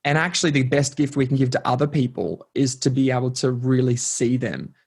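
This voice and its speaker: A man's voice: mid-range voice, fairly quick, a little mellow, breathy edge. Earnest reflective man. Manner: reflective, earnest, lots of "like" and "kind of". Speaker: podcast guest. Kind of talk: casual conversation.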